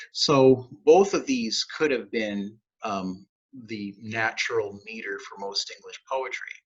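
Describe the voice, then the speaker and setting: A man's voice: medium pitch, husky. A man, teaching poetry in an upbeat, explanatory way and tapping out rhythms aloud. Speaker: poet laureate teaching poetry. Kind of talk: educational video talk. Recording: dull lo-fi recording.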